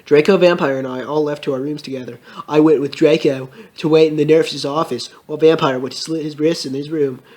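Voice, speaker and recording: A young man giving a comedic, mock-melodramatic reading of a fan story, with shrill put-on outbursts. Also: steady tone, a little fast, hardly any pauses, darkish tone.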